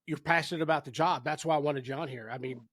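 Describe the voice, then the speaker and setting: A man's voice: on the high side, fast, a bit bright. A man with a Kentucky accent hosting a podcast, talking in a frank, folksy, casual way. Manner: folksy, frank, calls guest bro and brother. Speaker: podcast host.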